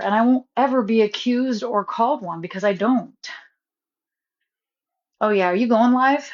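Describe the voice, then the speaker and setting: A woman's voice: a little high, normal speed. A woman vlogging in a casual rant, indignant and rambling, often cutting herself off mid-sentence. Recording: dull lo-fi phone audio.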